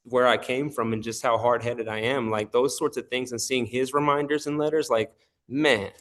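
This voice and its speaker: Animated man telling his testimony. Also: medium pitch. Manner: animated storyteller, acts out quoted voices, laughs often. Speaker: interview guest. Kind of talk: casual testimony storytelling.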